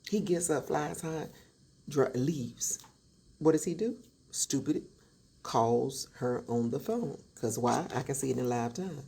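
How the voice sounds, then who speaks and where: A woman's voice: a bass voice, slow, creaky, warm tone, breathy edge. A woman telling a true story in a dramatic, sassy storytime style, acting out each voice. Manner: dramatic, sassy, acts out every voice. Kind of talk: animated storytime.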